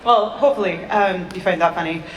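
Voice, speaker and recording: A woman's voice: lowish voice, fairly quick, a little hiss or hum. A woman on a convention panel, casual and chatty. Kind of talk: panel talk. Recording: echoey hall recorded from far off.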